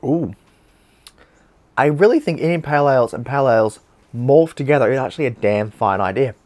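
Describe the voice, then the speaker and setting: A man's voice: medium pitch, lively intonation, brisk, a little mellow. An Australian man hosting a casual beer-tasting vlog, chatty and blunt, with slang and swearing.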